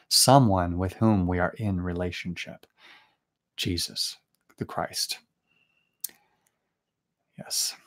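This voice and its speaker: Earnest man giving a casual sermon. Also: deep voice. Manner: conversational, earnest, with restarts and asides. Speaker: preacher hosting a Bible study. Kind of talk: informal sermon.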